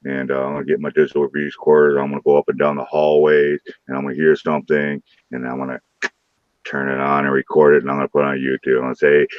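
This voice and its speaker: A deep-voiced man hosts a live stream, joking crudely and rowdily with his viewers. The sound is dull and lo-fi, with a dry, close feel and no room echo. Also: monotone, fast talker. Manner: rowdy, crude joking banter with chat. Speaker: livestream host. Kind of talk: casual live-stream chat.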